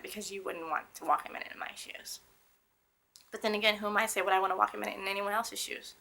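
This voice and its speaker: A young woman with a fairly high, bright voice speaks quickly and forcefully. She gives candid personal testimony about living with a painful illness, earnest and emphatic, often restarting her sentences.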